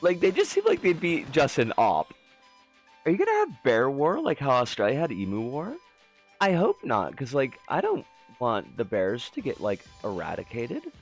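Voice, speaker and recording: A man's voice: huge pitch swings, moderate pace, soft background music. A man streaming a game, chatting in a rambling, jokey way. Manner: rambling, jokey, swoops in pitch. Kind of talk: casual game-stream chat.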